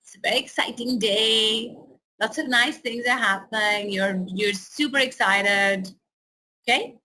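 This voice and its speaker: A woman teaching a pregnancy webinar, guiding listeners through face and breathing exercises with calm, step-by-step instructions. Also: fairly high pitch, unhurried. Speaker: prenatal educator.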